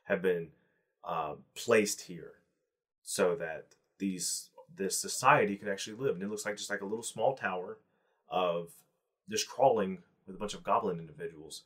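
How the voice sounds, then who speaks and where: Man, game master, tabletop narration, rambling, fairly low voice. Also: moderate pace, fairly bright tone, slightly rough. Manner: rambling, full of restarts and fillers.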